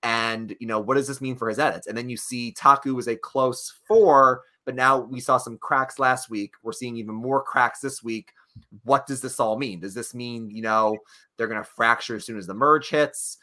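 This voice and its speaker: A man who co-hosts a podcast recapping reality TV chats casually, rambling and animated, full of fillers and restarts. His voice is mid-range and his pace is normal.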